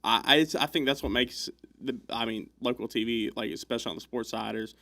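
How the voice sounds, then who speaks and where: A man's voice: mid-range voice, fairly quick, creaky, sharp tone. A young man who works as a news anchor and reporter, chatting in an easygoing, enthusiastic way. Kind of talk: casual interview chat.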